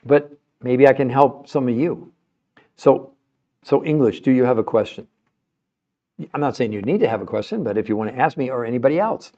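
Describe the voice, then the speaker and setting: A man's voice: mid-range voice, animated, a little fast, warm tone, muffled recording. A man hosting a live-streamed podcast, passionate and emotional as he talks straight to his viewers and asks them questions. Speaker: podcast host.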